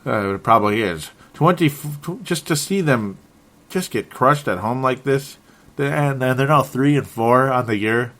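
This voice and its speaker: A man's voice: mid-range voice, unhurried, fairly bright tone. A man hosting a solo sports talk show, frustrated and rambling, often correcting himself and chuckling. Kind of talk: solo sports podcast commentary.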